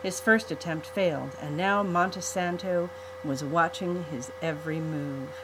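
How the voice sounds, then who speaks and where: Woman narrating a storybook, low voice. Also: fairly even intonation, unhurried, noisy background.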